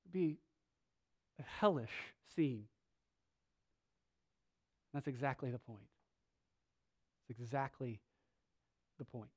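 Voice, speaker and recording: A man preaching a sermon in a casual, conversational way, with filler words and restarts, and sudden swings between loud and soft. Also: mid-range voice, animated, slow pace, pauses often.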